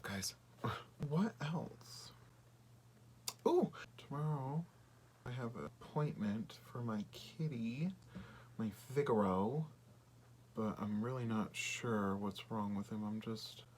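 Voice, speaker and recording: A man chatting casually through a makeup tutorial, often dropping to a soft half-whisper while he works. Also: mid-range voice, a little hiss or hum. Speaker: beauty vlogger.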